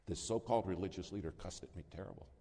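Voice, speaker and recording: A man preaching a sermon as a folksy, animated storyteller who acts out the dialogue. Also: low voice, fast, husky. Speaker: pastor. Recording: long reverb of a large hall.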